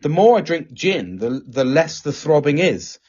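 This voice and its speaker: A man telling a story in casual chat as a podcast host, animated and swearing a lot. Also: fairly high pitch, measured pace, slightly rough. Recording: dull lo-fi recording.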